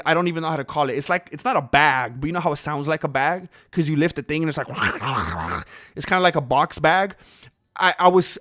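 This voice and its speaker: A man talks to his viewers on a live stream in a loose, rambling way, stopping and restarting his sentences and breaking into laughs. His voice sits a little high for a man. He thanks supporters and drifts into everyday stories. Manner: animated, rambling, laughs a lot, many restarts. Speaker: streamer reading out donations. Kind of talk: casual live-stream chat.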